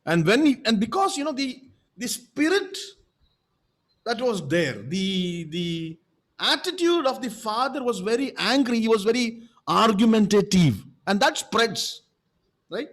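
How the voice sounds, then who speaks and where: A man's voice: sits high, sing-song, unhurried, fairly bright tone. A man preaching a sermon as pastor, emphatic and repetitive, often checking in with the congregation through rhetorical questions.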